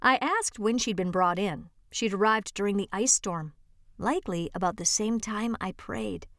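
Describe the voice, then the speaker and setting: A woman's voice: medium pitch, moderate pace, a bit bright, no room sound, clean studio sound. A woman reading a true-life story aloud for a reading service, lifting her voice for quoted lines. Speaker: volunteer reader. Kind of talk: read-aloud story narration.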